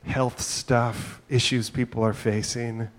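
A man's voice: medium pitch, level tone, a little slow. A middle-aged man preaching a sermon as pastor, talking in a conversational, storytelling way with asides and frequent "right?".

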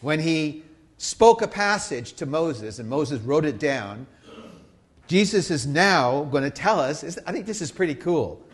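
A man preaching a sermon in a conversational teaching style. He checks in with his listeners and swings between loud, emphatic stress and soft, quiet asides. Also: on the high side, sing-song, unhurried. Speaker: pastor.

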